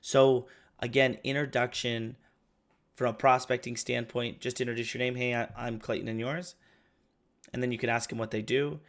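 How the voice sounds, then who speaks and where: Gravelly man giving a casual sales lesson. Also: medium pitch, flat delivery, moderate pace. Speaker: insurance sales trainer. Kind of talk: casual training talk.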